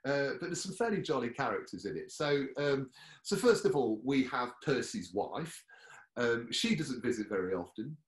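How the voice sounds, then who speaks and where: A British man talks through his solo show in a relaxed, rambling way, full of ums. His pitch moves a lot as he speaks, and the room gives his voice a clear echo. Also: moderate pace. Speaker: solo performer and comic. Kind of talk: casual talkback explaining a show. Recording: echoey room.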